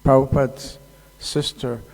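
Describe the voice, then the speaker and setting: A man giving a casual devotional talk at a festival, halting and joking, with many fillers. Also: medium pitch, little pitch movement, vocal fry, darkish tone. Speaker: speaker at a temple festival. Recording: long hall reverb.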